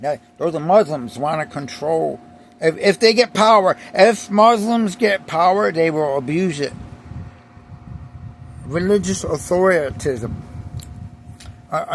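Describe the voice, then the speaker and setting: A man with a high, gravelly voice rants in a slow, deliberate monologue. He repeats himself with emphasis and keeps restarting sentences. Faint vehicle noise hums underneath. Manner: emphatic, repetitive, restarts often. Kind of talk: ranting monologue to camera.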